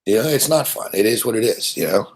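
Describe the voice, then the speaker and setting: Blunt, husky-voiced man ranting. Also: fairly low pitch, big pitch swings, fast talker. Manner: blunt, profane, rambling with repetitions. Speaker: sports betting show host. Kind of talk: profane ranting monologue.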